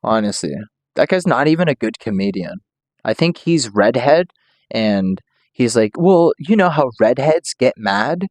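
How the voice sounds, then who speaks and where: A man's voice: mid-range voice, lively intonation, unhurried, darkish tone, no room sound. Young man rambling through a reaction. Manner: rambling, joking, swears freely. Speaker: reaction streamer. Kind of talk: casual reaction commentary.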